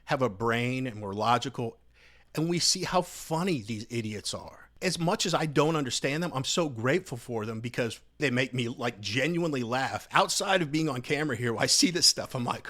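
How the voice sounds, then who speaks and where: A man's voice: medium pitch, lively intonation, moderate pace, a bit bright. A young adult man hosting a political commentary video, talking casually and mockingly straight to his viewers. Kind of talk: casual opinion commentary to camera.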